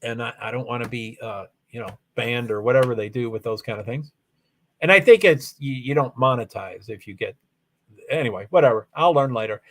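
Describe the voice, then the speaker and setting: A man's voice: mid-range voice, fairly quick. A man streaming live and answering chat in a rambling, self-correcting way, full of fillers. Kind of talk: casual livestream chat.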